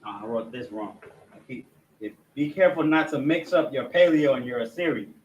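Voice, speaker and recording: A man teaching a language lesson, writing on a board, slowly sounding out words and correcting his own mistakes aloud. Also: mid-range voice, expressive, reverberant, slight background noise. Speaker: class teacher. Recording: dull lo-fi room recording.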